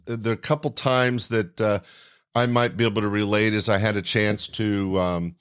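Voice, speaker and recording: A man hosting a podcast, reflecting on what the guest said in a measured, thinking-aloud way. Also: fairly low pitch, level tone, a bit bright, clean tone. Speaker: podcast host. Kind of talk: conversational interview commentary.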